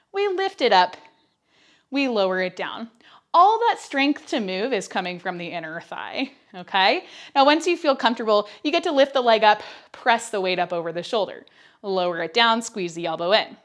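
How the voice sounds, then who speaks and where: A woman's voice: medium pitch, fairly bright tone. A woman instructing a follow-along Pilates workout, counting reps and giving upbeat cues with chatty asides while she is out of breath.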